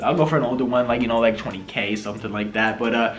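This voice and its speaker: A man's voice: mid-range voice, little pitch movement, quick pace, a bit bright, a little hiss or hum. A man in his twenties casually answering fan questions in a vlog, laid-back and slangy, rambling with lots of fillers. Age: 20s. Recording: echoey room.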